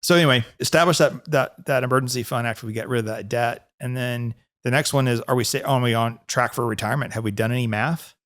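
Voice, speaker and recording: A man in conversation on a financial advice podcast. His voice sits at an ordinary pitch for a man. His delivery is easygoing and chatty, full of laughter and small restarts as he explains things. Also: quick pace, hardly any pauses, a bit bright. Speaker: financial advisor, podcast host. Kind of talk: casual advisory podcast chat.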